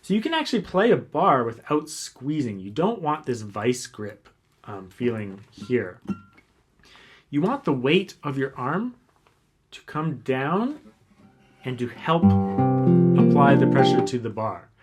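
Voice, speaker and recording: A man teaches a guitar lesson in an easygoing, mid-range voice, pausing to count beats as he plays. Soft guitar notes sit faintly beneath his speech. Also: mid-range voice, slightly rough. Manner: relaxed, counts beats aloud while playing. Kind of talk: demonstrating lesson. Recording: faint guitar playing behind.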